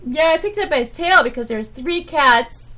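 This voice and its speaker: A woman talks alone on her internet radio show in a loose, rambling monologue. Her voice sits a little high, and she speaks haltingly in a subdued tone, breaking in with nervous laughs. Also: expressive, sharp tone.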